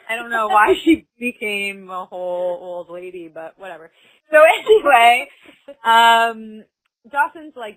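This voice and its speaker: A woman's voice: fairly high pitch, unhurried, fairly bright tone, rough recording. A woman co-hosting a podcast, casually recapping a TV episode and acting out the characters' lines. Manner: chatty storyteller who acts out characters' lines. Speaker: podcast co-host.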